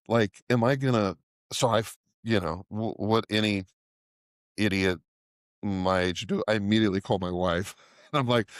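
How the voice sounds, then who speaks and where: A man's voice: fairly low pitch, moderate pace, no echo, studio quality. A middle-aged man co-hosting a podcast, telling a rambling, profane anecdote in casual chat and laughing often. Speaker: podcast co-host.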